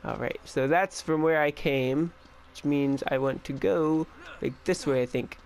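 A man's voice: fairly high pitch, unhurried, vocal fry, darkish tone. Giggly young man joking through a game. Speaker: gaming YouTuber. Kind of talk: casual let's play commentary.

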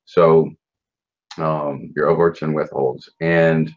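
With a very deep, level voice, a man slowly tells a personal story as a guest in a casual interview. He's blunt and profane, with many fillers and restarts, and the lo-fi audio is dull.

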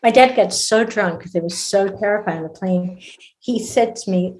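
A woman's voice: medium pitch, normal speed, low-quality recording. Reflective woman guest in casual talk. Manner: warm, reflective, laughs often. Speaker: guest, near-death researcher. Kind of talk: casual interview conversation.

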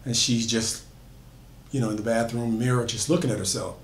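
A man's voice: mid-range voice, steady tone, brisk, slight background noise. A man retelling a horror story in a loose, conversational way, with frequent fillers and restarts. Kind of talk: casual spoken horror storytelling. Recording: echoey room.

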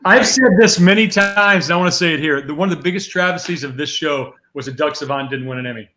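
A man's voice: on the high side, fast talker, noisy background. A male actor guest speaking in a casual chat over a video call, joking but earnest.

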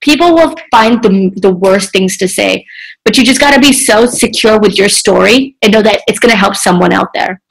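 A young adult woman talking as a guest in a casual podcast interview, chatty and animated, with many filler likes. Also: mid-range voice, normal speed, gravelly, breathy edge, poor audio. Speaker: podcast guest, social media entrepreneur.

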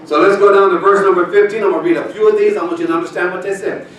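A man preaching a sermon, telling a folksy personal story before building to loud, shouted scripture reading. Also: high voice, fairly even intonation, racing, a little hiss or hum. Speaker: pastor. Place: church sanctuary. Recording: echoey church hall, distant mic. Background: congregation responses, room ambience.

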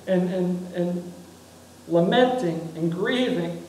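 A high-pitched male pastor preaches an earnest sermon at an unhurried pace, circling back and repeating his phrases. His voice rings through a very echoey church sanctuary, picked up from some distance away. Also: mellow. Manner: earnest preaching with frequent repetitions and restarts.

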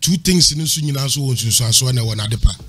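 A man's voice: medium pitch, quick pace, a bit bright, slightly rough, faint music behind. A man making an emphatic argument on a panel, lecturing and repeating his points for emphasis while mixing Twi and English. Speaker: panel commentator.

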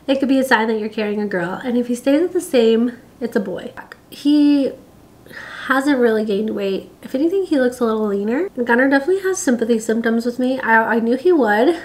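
Chatty young woman vlogger with a fairly high voice; giggles often, pregnant, loose conversational delivery full of "like" and "um." Keep it relaxed and talky. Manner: chatty, giggly, many fillers. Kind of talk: casual chat to camera.

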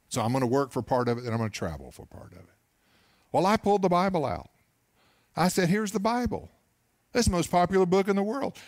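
A man pastor preaching a radio sermon in a folksy storytelling manner, moving between hushed asides and emphatic points. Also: medium pitch, no echo, clean studio sound. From Oklahoma.

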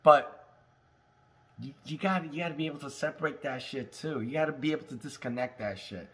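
A man hosting a casual cannabis talk, high and rambling, swearing freely, joking and coughing between lines. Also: a little fast, fairly bright tone. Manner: rambling, profane, jokey, with laughs and smoker's coughs. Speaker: cannabis review host. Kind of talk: casual stoned monologue.

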